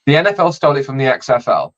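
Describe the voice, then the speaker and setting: A man's voice: mid-range voice, lively intonation, rapid-fire. Filler-heavy male podcast host, dull audio. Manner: explains rules with many fillers. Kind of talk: casual sports podcast chat.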